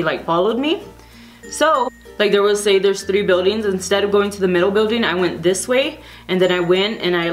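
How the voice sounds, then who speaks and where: A young woman vlogger casually telling a storytime to camera, rambling with lots of fillers. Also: mid-range voice.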